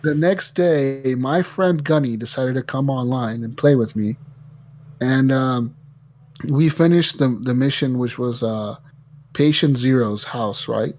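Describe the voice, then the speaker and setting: A man hosting a casual gaming podcast, telling stories in an animated way and swearing a lot. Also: mid-range voice, measured pace. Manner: animated storytelling, heavy swearing. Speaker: podcast host.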